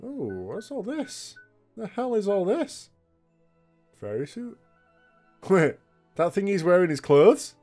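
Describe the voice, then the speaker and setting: A man's voice: sits high, sing-song, slow, long pauses, a little mellow, soft background music. A man hosting a let's play, commenting on a video game with frequent laughs, swearing and joking asides. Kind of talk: gameplay commentary.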